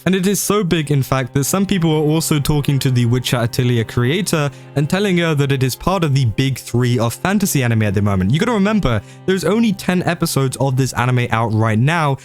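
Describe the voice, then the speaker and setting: Casual male anime video essayist. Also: medium pitch. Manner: casual, conversational, uses fillers.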